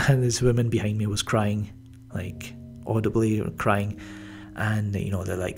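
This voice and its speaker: A man's voice: lowish voice, little pitch movement, unhurried, few pauses, darkish tone, soft background music. A man giving a casual spoken movie review, rambling with many fillers and restarts and a wry, mildly sarcastic edge. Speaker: film reviewer.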